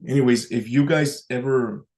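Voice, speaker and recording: Man, vlog host, casual talking-head chat, halting, lots of fillers, clears throat, middle pitch. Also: darkish tone. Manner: halting and rambling, many fillers and restarts, clears throat often; pushes emphasis into words on purpose as speaking practice.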